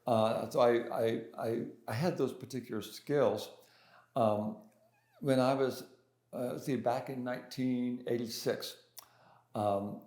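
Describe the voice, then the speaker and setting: A man's voice: mid-range voice, darkish tone. An older man, a pianist and composer, being interviewed and telling his story in a casual, hesitant way with many restarts and fillers. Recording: roomy echo.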